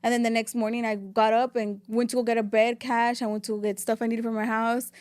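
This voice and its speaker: A young woman, telling her story as a podcast guest in a rapid, animated way and switching between English and Spanish. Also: a little high, no echo. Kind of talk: casual interview storytelling.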